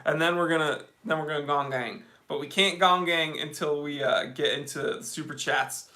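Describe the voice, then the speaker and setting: A man's voice: fairly high pitch, moderate pace, bright, forceful tone. A man hosting a casual live stream, chatting upbeat and reading out viewer comments with lots of fillers.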